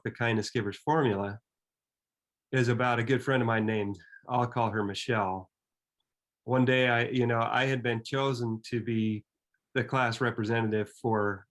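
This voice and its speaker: A man's voice: mid-range voice, fairly bright tone. Earnest reflective man in his fifties. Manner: earnest and reflective, with halting restarts. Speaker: storyteller. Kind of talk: personal storytelling.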